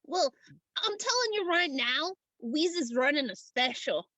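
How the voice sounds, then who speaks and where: A woman's voice: very animated, measured pace, sharp tone, dry recording, full character voice, poor audio. Woman doing a slick slangy union recruiter. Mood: salesy. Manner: folksy slangy sales pitch, drawling "yous" and "y'all". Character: slick fast-talking union recruiter, hustling salesman.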